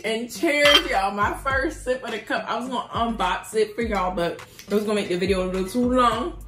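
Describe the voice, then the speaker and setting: An excitable, chatty woman doing a casual mukbang-style cookie review for her viewers. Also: fairly high pitch, brisk. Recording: roomy echo with faint music.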